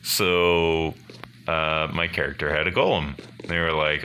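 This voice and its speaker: A man's voice: a bass voice, fairly even intonation, a little slow, bright, forceful tone. A man hosting a gaming channel who tells a story casually, rambling and hesitant with fillers. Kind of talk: casual storytelling over gameplay. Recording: home recording with background noise and clicks.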